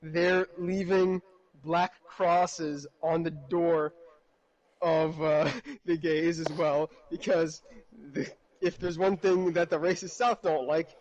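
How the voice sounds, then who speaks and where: Man with a high voice, casual and animated chat, laughs a lot. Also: slow, highs cut off. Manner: animated storytelling with frequent laughs.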